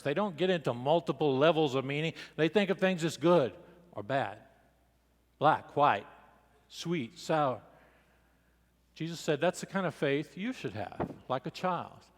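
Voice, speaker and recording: A man's voice: on the high side, fairly bright tone. A man preaching a sermon in a church, opening with a folksy joke and easy storytelling. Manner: folksy joke-telling delivery. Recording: long reverb of a church hall.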